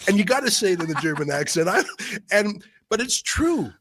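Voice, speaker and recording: A man from Canada, a guest commentator, explaining politics in a rapid, insistent way. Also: high-pitched, very animated, a bit bright, no room sound.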